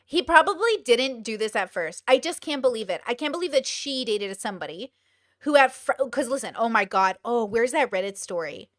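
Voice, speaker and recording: A young woman hosting a live stream, talking bluntly with lots of swearing and rapid rhetorical questions. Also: fairly high pitch, animated, fairly bright tone, no room sound, clean studio sound. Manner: blunt, profane and exclaiming. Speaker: streamer host. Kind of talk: casual live-stream commentary.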